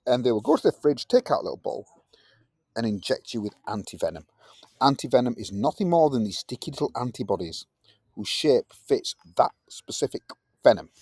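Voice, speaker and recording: A man teaching a science lesson in a playful way, jumping into high, silly voices to act things out. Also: animated, brisk, a little mellow, slightly rough, no echo, studio quality. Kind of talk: classroom lesson.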